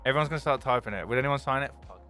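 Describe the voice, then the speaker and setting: A young man, live streaming and chatting casually with viewers, greeting them by name and telling excitable stories. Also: medium pitch, rapid-fire, soft background music.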